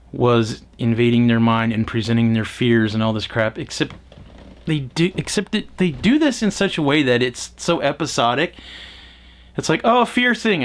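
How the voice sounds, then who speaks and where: A man reviewing a film in casual talk, rambling and sarcastic, with exasperated asides and a little swearing. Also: medium pitch. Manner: profane, mocking quoted voices. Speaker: movie reviewer.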